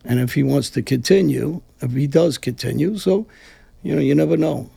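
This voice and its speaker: A man's voice: on the high side, normal speed, vocal fry, warm tone, husky. A middle-aged man from Brooklyn, giving a blunt, combative interview and rambling with restarts. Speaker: interview guest. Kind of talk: heated conversational interview.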